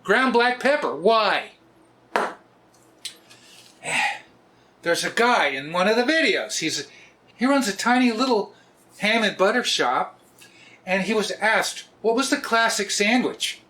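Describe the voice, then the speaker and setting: A man, hosting a casual cooking vlog in a joking, often loud way. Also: sits high, very animated, unhurried. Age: 60s. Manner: jokey, often laughs and raises his voice. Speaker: cooking video host.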